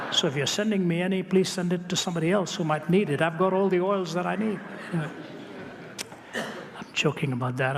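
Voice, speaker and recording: A man's voice: on the high side, noisy background. A man telling a personal story in a sermon, earnest and conversational, with wry asides. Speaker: Christian speaker. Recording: reverberant hall.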